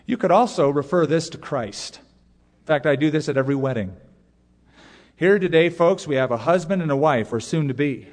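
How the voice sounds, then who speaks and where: A middle-aged man preaching a sermon as a pastor, earnest, with pauses and sudden emphatic rises. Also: mid-range voice, darkish tone. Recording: long reverb of a large hall.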